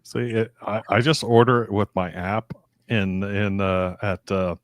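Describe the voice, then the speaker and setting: A man's voice: fairly low pitch, fairly even intonation, unhurried, no echo, studio quality. A man chatting casually on a podcast over a video call, tripping over repeated restarts with mild exasperation. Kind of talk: casual chat.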